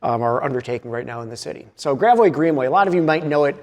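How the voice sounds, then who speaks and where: He's animated and quick, his medium-pitched voice filling a large conference hall. The presentation is riddled with uhs and repeated restarts.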